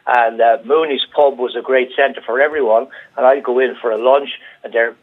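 An older Irish man on a phone-in show, telling an animated anecdote and acting out the voices of the people in it. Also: medium pitch, moderate pace. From Ireland. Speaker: radio caller. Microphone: telephone. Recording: tinny phone line.

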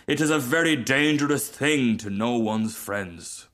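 A man's voice: medium pitch, measured pace, a bit bright, natural voice. A man voicing a pompous, self-pitying male firework rocket in a storybook reading, haughty and theatrical.

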